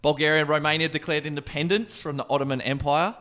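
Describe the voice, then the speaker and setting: A man's voice: on the high side, steady tone, fast, fairly bright tone. A man co-hosting a podcast, chatting casually, rambling and swearing freely. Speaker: podcast co-host.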